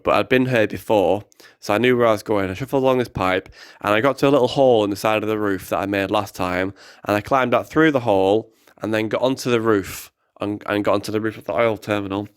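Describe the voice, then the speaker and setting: A young man with an animated, rambling manner, telling a story casually on a podcast. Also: fairly low pitch, clear, resonant tone, no room sound, studio quality. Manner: animated, excitable, rambling with fillers. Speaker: activist podcast host.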